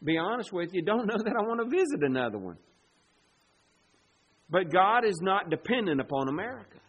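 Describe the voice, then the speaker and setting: A man preaching a sermon, rising to loud emphasis and dropping to quiet, low asides, stretching words as he reads scripture. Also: sing-song, brisk, slightly rough, lo-fi sound. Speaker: pastor.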